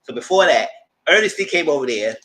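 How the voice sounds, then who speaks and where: Man, fairly high voice, very lively pitch, slangy gossipy tv recap host. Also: fairly quick, poor audio. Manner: animated, slangy, gossipy retelling. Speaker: TV review host. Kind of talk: live show recap commentary.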